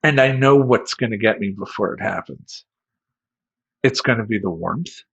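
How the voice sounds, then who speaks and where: A man, a life coach, telling a comedic personal story in an animated, self-mocking and rambling way, on a dull lo-fi recording. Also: lowish voice, moderate pace, gravelly, breathy edge. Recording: dull lo-fi sound.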